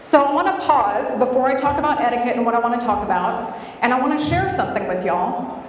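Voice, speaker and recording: A woman's voice: on the high side, expressive, fast, a little hiss or hum. A woman from California, giving a playful, chatty keynote speech and talking to the crowd in a hotel conference hall. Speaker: keynote speaker. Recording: echoey hall, mic from far off.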